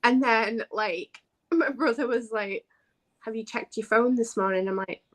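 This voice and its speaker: A woman guest telling stories in a casual chat, self-deprecating and animated. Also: on the high side, measured pace. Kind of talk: casual storytelling.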